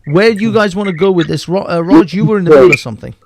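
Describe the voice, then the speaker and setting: A man's voice: high voice, lively intonation, racing, darkish tone. A man hosting a live online panel, chatting casually and sarcastically, swearing and laughing often. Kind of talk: casual, joking live stream chat.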